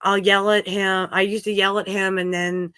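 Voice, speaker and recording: A woman's voice: medium pitch, flat delivery, moderate pace, fairly bright tone, clear, resonant tone, no room sound, studio quality. A woman in her thirties hosting a candid podcast chat, talking openly and at length with many fillers. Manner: rambling, open, with frequent fillers. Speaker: podcast host. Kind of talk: candid conversational talk.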